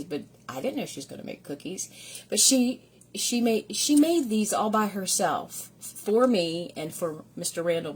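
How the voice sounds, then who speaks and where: A middle-aged third-grade teacher chats casually at home in a rambling, gushing vlog where she shows off gifts. Her voice is lowish with a breathy edge.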